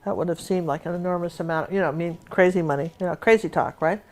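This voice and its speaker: A woman's voice: on the low side, fast, darkish tone. A woman teaching a live painting lesson, chatting and telling rambling stories while she works. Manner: rambling, chatty storyteller with many asides. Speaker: painting instructor.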